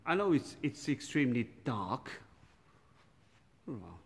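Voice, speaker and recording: A man, a priest, giving an informal night prayer talk in a gentle, halting way, with many pauses and restarts, recorded without a proper microphone. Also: mid-range voice, big pitch swings, gravelly. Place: dark church room by candlelight. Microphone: no external microphone, built-in device mic. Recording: poor sound quality without microphone.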